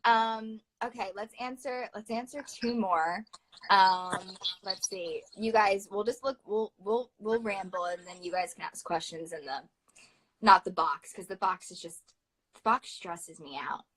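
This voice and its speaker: A woman's voice: mid-range voice, a little slow, fairly bright tone, rough recording. A young woman co-hosting a livestream in casual chat, rambling and giggly, often tripping over her own words. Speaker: co-host of a livestream.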